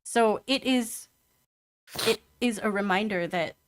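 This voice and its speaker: A woman narrating as game master in a tabletop game, describing scenes in a loose, halting way. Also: medium pitch, background noise. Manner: descriptive, with many fillers and restarts.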